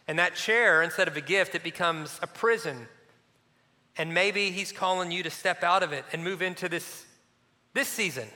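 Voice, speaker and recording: A man delivering a sermon with a high, ringing voice. He tells stories with animation, then sinks into a soft hush. A long hall reverb hangs after each phrase. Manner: animated storytelling with sudden drops to a soft near-hush. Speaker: pastor.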